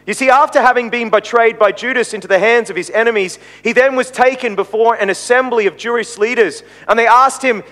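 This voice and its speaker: High-voiced male preacher in a reverberant hall. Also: a little fast, few pauses, bright, forceful tone. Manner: storytelling, quoting the text with rising emphasis. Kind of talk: sermon.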